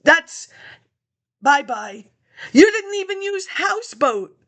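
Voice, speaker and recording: High-voiced woman rambling to her viewers. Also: big pitch swings, slow, a bit bright. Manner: chatty, jumps between topics, chuckles to herself; talks straight to her viewers. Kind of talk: rambling casual monologue.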